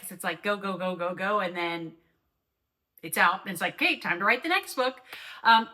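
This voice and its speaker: Bright, chatty woman podcast host. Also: medium pitch. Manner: chatty, sarcastic, animated oversharing. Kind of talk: comedic podcast monologue.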